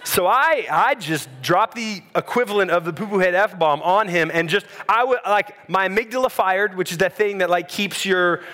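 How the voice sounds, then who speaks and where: A man, preaching a sermon as a pastor and telling a story in a conversational, animated way. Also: high-pitched, normal speed, hardly any pauses.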